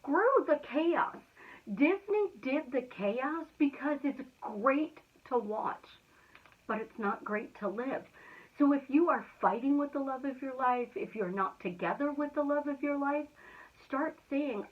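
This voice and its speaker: A woman giving an energetic, emphatic motivational talk in a chatty way. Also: sits high, unhurried. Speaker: motivational speaker. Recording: tinny phone-like sound.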